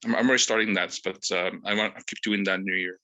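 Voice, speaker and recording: Low-voiced, matter-of-fact man. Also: fairly even intonation, fast talker, sharp tone. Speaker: participant. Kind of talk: casual self-introduction. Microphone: video call.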